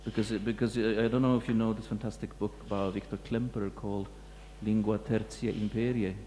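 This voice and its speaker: Man lecturing, thoughtful and halting, warm low tone, recorded in a reverberant hall with light hum. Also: level tone. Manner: halting, many restarts and fillers, reflective. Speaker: museum curator giving a talk. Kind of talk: lecture talk to an audience. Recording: echoey hall with faint hum.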